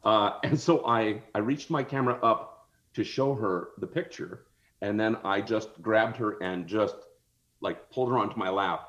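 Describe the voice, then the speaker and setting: A man telling a story in casual podcast chat as a guest. He speaks in an animated way and often laughs as he talks. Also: fairly low pitch, normal speed, dull audio.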